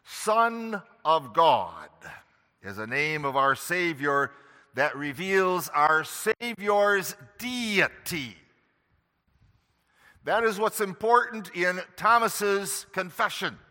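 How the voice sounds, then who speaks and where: A man preaching a sermon slowly and emphatically, pressing hard on key words. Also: high-pitched, sing-song, pushed and bright, long reverb tail. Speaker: pastor.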